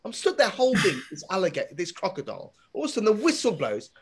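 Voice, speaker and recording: A man doing a stand-up comedy routine, swinging between loud punchlines and muttered asides. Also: sits high, wildly swooping pitch, quick pace, husky. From Britain. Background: audience laughter.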